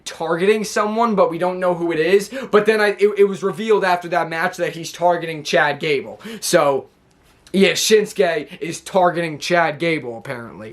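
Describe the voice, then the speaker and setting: High-voiced man rambling through a recap. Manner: rambling, many fillers and restarts. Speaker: wrestling show recap vlogger. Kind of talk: casual recap.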